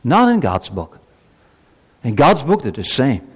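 A man's voice: mid-range voice, wildly swooping pitch, a little slow, breathy edge, long reverb tail. A male pastor preaching a sermon to his congregation, asking emphatic rhetorical questions. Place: church.

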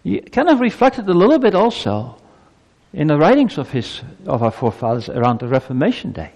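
A man's voice: a little fast, vocal fry, dull audio. Man preaching in an echoing church. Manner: preaching with lively pitch swings and emphatic rhetorical questions. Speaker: pastor. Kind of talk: sermon.

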